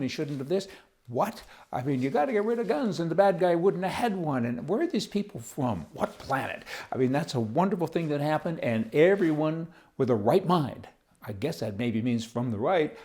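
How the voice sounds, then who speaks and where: A man from Canada hosting casual political commentary, telling jokes and laughing at them. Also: mid-range voice. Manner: jokey, laughs at his own jokes, animated.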